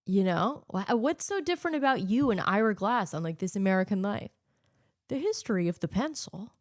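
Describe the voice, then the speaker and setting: A woman's voice: medium pitch, animated, brisk, no echo, studio quality. A woman hosting her own podcast, ranting solo in a sarcastic, profane, opinionated way. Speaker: podcast host.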